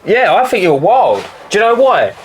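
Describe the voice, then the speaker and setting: A man's voice: high-pitched, normal speed, breathy edge. A man, co-hosting a casual podcast chat about running a cleaning business, telling stories animatedly. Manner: animated storyteller, acts out customers in silly voices.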